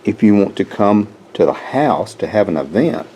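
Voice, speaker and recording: A man's voice: lowish voice, sing-song, moderate pace, warm tone, slight background noise, poor audio. A man giving a folksy, rambling walk-through of his garden, often repeating words as he talks to viewers. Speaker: homestead vlogger. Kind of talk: casual walk-through chat. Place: outdoors in a garden.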